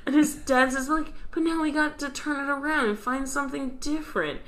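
A woman's voice: sits high, brisk. A woman co-hosting a podcast in casual, joking chat, laughing often and putting on silly voices to quote a cartoon. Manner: animated, laughing, mimics characters in exaggerated voices. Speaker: podcast co-host.

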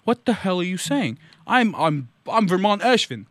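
A man's voice: high-pitched, sing-song, moderate pace, fairly bright tone, no echo. A man putting on the voice of a cranky older Vermont politician in a comedy story bit, ranting with stammering repeats. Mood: indignant. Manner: ranting, blustery, repetitive stammering. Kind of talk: comedy story bit, Bernie Sanders impression.

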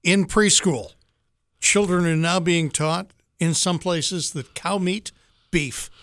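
A man's voice: sits high, slow, fairly bright tone. A man co-hosting a podcast, tossing in brief, dry remarks in casual chat. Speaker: podcast co-host.

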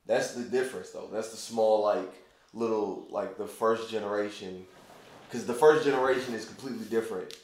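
Casual male co-host, low voice, rambling and loose, recorded in a very echoey room. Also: normal speed, a little mellow. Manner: loose and rambling, heavy use of "like". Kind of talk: casual conversation.

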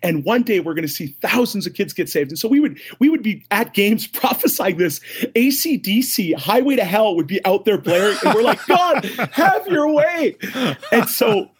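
A middle-aged man, a ministry leader, telling an animated story as an interview guest, acting out the voices of others and laughing often. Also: high voice, moderate pace, husky.

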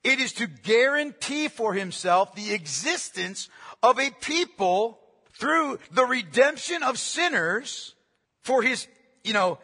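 A man's voice: high-pitched, expressive, slow pace, bright, forceful tone, husky, big-room sound. A man preaching a sermon as pastor, earnest and emphatic, repeating his key phrases for stress.

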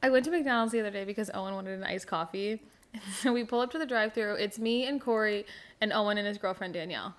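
A woman's voice: medium pitch, fast. A young woman hosting a casual chat, telling a story with frequent laughs and lots of "like" fillers.

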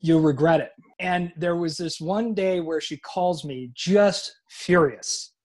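A man's voice: high voice, slow. A man from Utah, a podcast guest telling personal stories in casual chat, acting out the voices of people he quotes, with frequent restarts and swearing.

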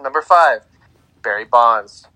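A man's voice: medium pitch, takes it slowly. A young man co-hosting a casual sports podcast, playfully arguing with his friends. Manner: lively, argues playfully. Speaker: podcast co-host.

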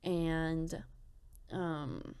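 A woman's voice: low-pitched, little pitch movement, very slow, smooth. Young woman co-hosting a crime podcast. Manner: reads quotes aloud, soft laughs, filler-heavy. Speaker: podcast co-host. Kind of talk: casual true-crime podcast chat.

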